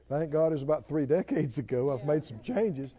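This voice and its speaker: A man's voice: fairly high pitch, normal speed, dark tone, dull audio. A middle-aged male pastor preaching a sermon, punctuating his points with emphatic exclamations and quoted scripture.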